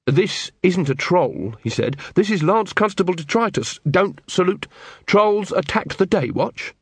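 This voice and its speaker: An eager, kindly young watchman, as a male reader plays him who means every word. His voice is a bit higher than the reader's own and moves a lot. The sound is close and dry. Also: lively intonation, a little slow, husky, no room sound, exaggerated voice. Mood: earnest. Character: earnest young male watch captain, kind and naive.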